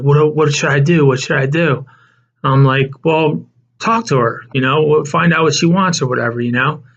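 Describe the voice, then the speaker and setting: A man telling a personal story in a loose, rambling way, full of fillers and restarts. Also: a little high. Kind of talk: casual spoken storytelling. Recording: dull lo-fi recording.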